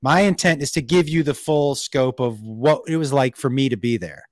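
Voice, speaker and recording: A man's voice: mid-range voice, normal speed, no echo, clean studio sound. A man hosting a casual talk who asks earnest questions and thinks aloud. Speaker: podcast host. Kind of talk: casual chat.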